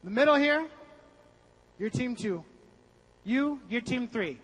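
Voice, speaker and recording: High, lively seminar man. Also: slow, in a large hall. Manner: energetic, coaching a crowd, breaks into song. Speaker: seminar speaker. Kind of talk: motivational seminar with group singing.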